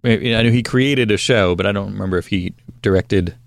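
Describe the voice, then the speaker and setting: A man co-hosting a casual podcast, thinking aloud with many ums and pauses. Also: lowish voice, gravelly, dry recording, studio quality. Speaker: podcast co-host. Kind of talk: casual chat.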